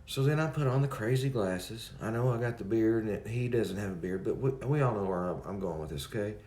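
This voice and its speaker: A man's voice: lowish voice, a little fast, darkish tone, reverberant. A man hosting a livestream, chatting casually and rambling as he greets viewers in the chat by name. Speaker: livestream host.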